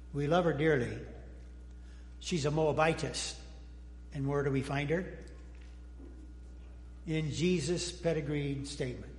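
A man preaching a folksy, conversational sermon as pastor, joking with the congregation and often restarting his sentences before dropping suddenly quiet. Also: fairly high pitch. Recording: echoey hall with long reverb.

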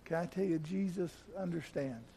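A middle-aged man preaching a sermon as pastor, telling a personal story, often repeating words and growing soft and slow at tender moments. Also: on the high side, a little hiss or hum. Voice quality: gravelly. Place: church.

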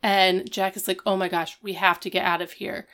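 A woman's voice: mid-range voice, little pitch movement, fairly bright tone. Chatty woman recapping casually. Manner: chatty, quick recaps with playful quoted lines. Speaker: podcast co-host recapping a TV episode. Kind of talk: casual chat.

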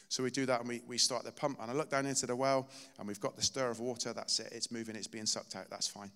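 A man's voice: mid-range voice, steady tone, fast talker, hardly any pauses, a bit bright, clear, resonant tone. Man preaching in a reverberant hall. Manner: conversational storytelling with self-deprecating humor. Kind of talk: sermon. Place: church hall.

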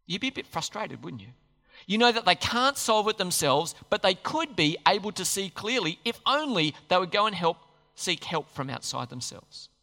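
Lively high-voiced preacher in a reverberant hall. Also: male voice, moderate pace, creaky. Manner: animated, asks the listeners questions. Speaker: pastor. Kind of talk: sermon.

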